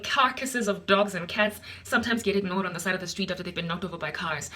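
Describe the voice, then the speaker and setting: A woman's voice: medium pitch, a bit bright. A South African woman giving an impassioned, indignant preaching monologue with emphatic repetition. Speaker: Christian vlogger.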